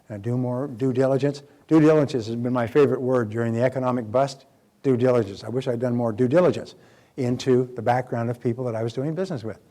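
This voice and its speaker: A man's voice: medium pitch, mellow. An older man giving a motivational seminar talk, earnest and conversational, often putting questions to the audience. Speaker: seminar speaker. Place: live seminar before an audience.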